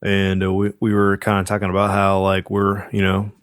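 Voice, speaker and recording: A man's voice: low voice, completely flat delivery, normal speed, clean tone, no echo, clean studio sound. A man co-hosting a podcast, telling a story casually with lots of fillers and restarts. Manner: rambling, many fillers and restarts. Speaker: podcast co-host.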